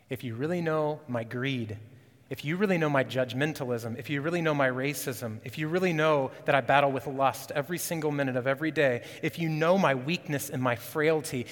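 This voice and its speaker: A pastor preaches with earnest urgency, his voice rising on questions and sinking low and quiet when he wants emphasis. The recording carries a long reverb tail.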